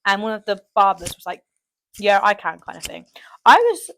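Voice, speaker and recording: A young woman, co-hosting a casual podcast and telling a story with lively mimicry of the people in it. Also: medium pitch, a little fast, creaky. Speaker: podcast co-host. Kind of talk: casual chat.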